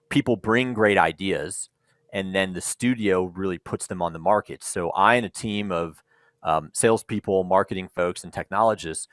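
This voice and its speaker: Lowish dry-voiced man telling a founder story. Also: no echo. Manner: animated storyteller acting out dialogue, frequent ums. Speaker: startup founder, panel speaker. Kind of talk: conversational keynote storytelling.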